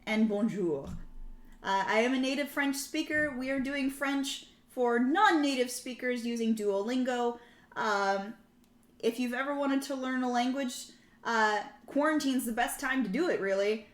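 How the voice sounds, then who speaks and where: Young woman streamer rambling thru a language lesson, kinda high voice, laughs a lot, echoey room. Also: unhurried. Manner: chatty, rambling, laughs often. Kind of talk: casual live-stream chat. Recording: roomy echo.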